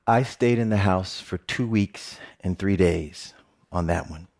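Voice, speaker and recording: A man's voice: low-pitched, unhurried. A middle-aged man, a TV presenter, giving a personal storytelling talk with jokes and frequent laughter. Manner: animated, jokey storyteller who laughs often.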